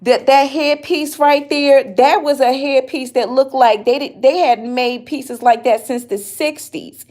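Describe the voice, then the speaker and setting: A woman's voice: sits high, fairly even intonation, unhurried, hardly any pauses, darkish tone. A woman talking in an upset, rambling vlog, often stopping and restarting her sentences. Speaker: vlogger. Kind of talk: emotional personal vlog.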